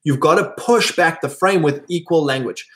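A video host speaks straight to camera in a blunt, provocative, preachy monologue. His voice is slightly high with a fairly bright tone, and he talks at a normal speed.

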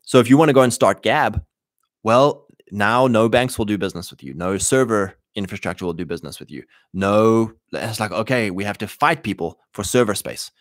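A man's voice: fairly low pitch, moderate pace, dry recording, studio quality. A man giving an opinionated monologue, emphatic and loose, with many fillers. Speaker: commentator.

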